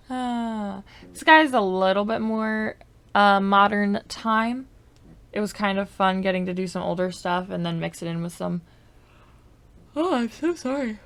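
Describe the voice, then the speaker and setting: Chatty, slightly gravelly woman gamer. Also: medium pitch, flat delivery, slow pace, fairly bright tone. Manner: rambling, chatty, full of likes and I don't knows. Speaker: gaming YouTuber. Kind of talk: casual gameplay commentary. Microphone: desk microphone.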